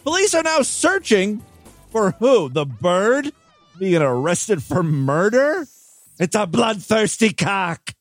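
Lively wisecracking male podcast host. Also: high voice, takes it slowly, no room sound, faint music behind. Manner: wisecracking, mock-outraged asides. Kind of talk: comic news commentary.

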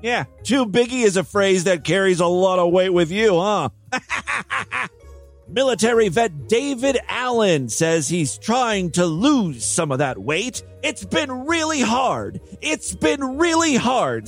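Sarcastic, lively man mocking the news. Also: high voice, slow, soft background music. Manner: sarcastic, profane, mocking asides. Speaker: comedic news commentator. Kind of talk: reading and mocking news stories.

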